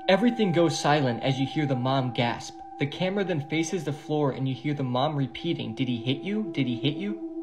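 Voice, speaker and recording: A man recounting a viral video step by step in a steady, matter-of-fact way. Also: a little high. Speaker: video narrator.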